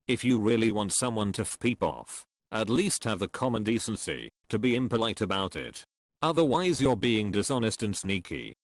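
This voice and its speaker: Slow, dry-voiced man reading comments. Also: lowish voice. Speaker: narrator reading online comments.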